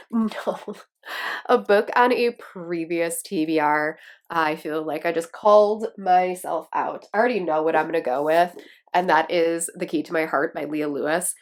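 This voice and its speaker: Brief: woman, Wisconsin accent, lowish voice, bubbly casual book-vlog chatter. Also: normal speed. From Wisconsin, USA. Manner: chatty and excitable, self-deprecating laughs. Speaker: book vlogger. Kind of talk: casual chat to camera.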